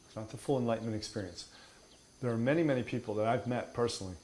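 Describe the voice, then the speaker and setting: A man's voice: medium pitch, racing, a little mellow, slight background noise. A man teaching meditation in an emphatic, playful way, mixing in humor and mockery. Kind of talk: spoken teaching.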